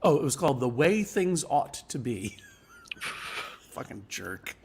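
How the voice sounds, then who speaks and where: A man's voice: medium pitch, big pitch swings, takes it slowly, creaky, slight background noise. A man chatting as a live-stream guest, telling long wry anecdotes with frequent laughter and restarts. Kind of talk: casual live chat.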